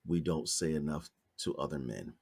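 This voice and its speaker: A male podcast host with a very deep voice and a husky edge. He talks in a relaxed, candid way. He chats casually and shares his own stories. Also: moderate pace. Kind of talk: casual conversation.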